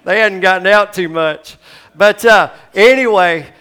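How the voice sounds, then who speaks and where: A man's voice: a little slow, clear, resonant tone. A man from Tennessee preaching a sermon in a church, talking conversationally and acting out the scripture dialogue. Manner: conversational, dramatizes scripture dialogue with shifting pitch and loudness. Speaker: pastor. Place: church sanctuary.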